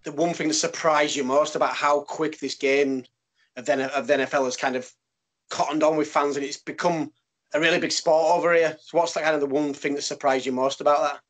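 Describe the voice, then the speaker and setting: Rambling British man, slightly high voice. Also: fairly even intonation, fairly quick. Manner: hesitant, rambling questions with restarts. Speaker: podcast panelist. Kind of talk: casual podcast chat.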